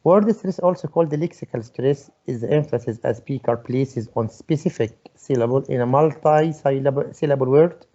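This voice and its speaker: A man's voice: medium pitch, normal speed, hardly any pauses, warm tone, lo-fi sound. A male English teacher leading an online class, patiently repeating his questions to students. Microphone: video call.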